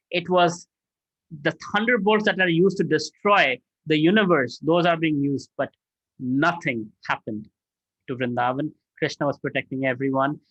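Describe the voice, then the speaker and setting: A man telling scripture stories as a spiritual teacher, animated and dramatizing, often checking in with "right?". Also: fairly high pitch, no room sound, muffled recording.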